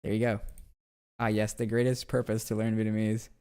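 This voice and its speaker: A man's voice: fairly low pitch, completely flat delivery, fairly quick, dark tone, clean tone. A man chatting casually on a stream in a slangy, laid-back way, reacting to chat and often restarting his words.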